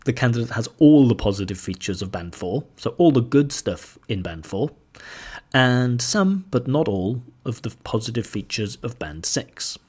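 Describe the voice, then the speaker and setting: A man's voice: medium pitch, a little mellow, husky. A man teaching a lesson as a language examiner, explaining patiently and saying example sentences aloud. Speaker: IELTS examiner teaching pronunciation.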